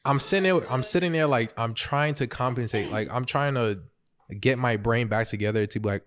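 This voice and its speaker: Laughing through the telling, a young male podcast host shares an amusing story from his own life in a relaxed way. He talks fairly quickly in a mid-range voice, lively and quoting his own words.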